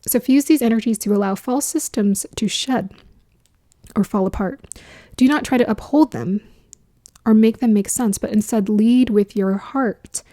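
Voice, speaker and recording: Mellow-voiced woman giving astrology advice. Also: on the high side, moderate pace. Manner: musing, laughs often, drops into whispers for emphasis. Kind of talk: casual spiritual talk to camera.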